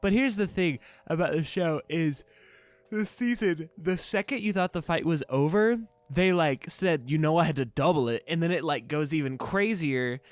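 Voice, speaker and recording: A man co-hosting a podcast in casual chat, animated, laughing often and acting out quotes. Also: fairly high pitch, moderate pace, no echo. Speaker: podcast co-host.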